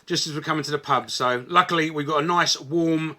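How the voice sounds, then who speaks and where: A man's voice: on the high side, brisk, sharp tone. An Australian man trading crude, self-mocking jokes with a mate while dubbing over a four-wheel-drive trip video. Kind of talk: joking dubbed-over banter.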